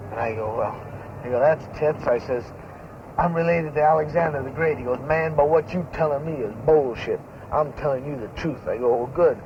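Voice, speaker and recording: Crude slangy greaser, played by an actor. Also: male voice, medium pitch, close to an everyday voice. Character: pushy young greaser, crude and street-talking. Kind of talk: naturalistic 1970s film acting. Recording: dull lo-fi 1970s film sound with hiss.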